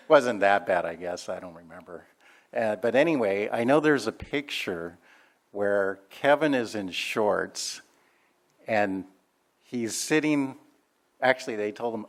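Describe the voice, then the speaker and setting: A man's voice: lowish voice, slow. An older man sharing memories of a family member in a chatty, laughing storytelling way, with many fillers. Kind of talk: anecdotal reminiscing speech.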